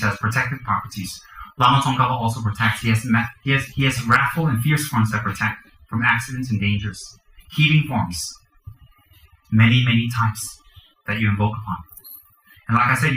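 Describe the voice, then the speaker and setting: A man's voice: mid-range voice, brisk, bright, forceful tone, a little hiss or hum. Man teaching mantra practice in echoey room. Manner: chants mantras and gives practical instructions, joking asides. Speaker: Buddhist teacher. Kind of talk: dharma teaching to a group.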